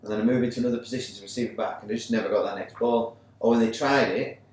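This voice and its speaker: A man's voice: medium pitch, fairly even intonation, racing, darkish tone, very echoey, recorded from a distance, poor audio. An English man co-hosting a sports podcast, chatting casually and acting out both sides of an argument as he tells a story. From England. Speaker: podcast co-host. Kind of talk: casual chat.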